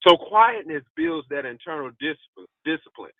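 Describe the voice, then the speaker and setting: A man's voice: fairly high pitch, big pitch swings, unhurried, dry recording. A man giving a motivational devotional talk as a preacher, emphatic and testifying, repeating key lines for emphasis. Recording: tinny phone-like audio, dry.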